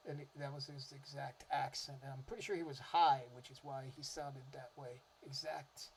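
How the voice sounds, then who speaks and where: A man's voice: medium pitch, steady tone, normal speed, creaky, hardly any pauses, husky. A man chatting casually into a microphone about his favourite cover songs, rambling with lots of fillers and restarts. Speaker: music vlogger. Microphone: desktop microphone.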